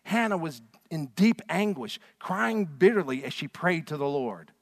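A man's voice: on the high side, expressive, measured pace, no echo, studio quality. A man preaching a sermon from a church stage, earnest and emphatic. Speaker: pastor.

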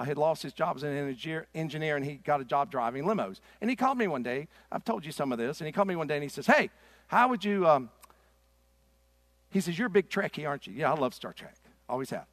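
A middle-aged man preaching a sermon in a church. His delivery is impassioned and swings from loud to hushed. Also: on the high side, no echo. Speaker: pastor. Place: church sanctuary.

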